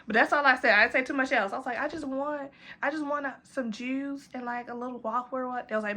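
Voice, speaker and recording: A young woman, telling a storytime in a casual, animated way, jumping into high voices for quotes and laughing as she goes. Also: fast.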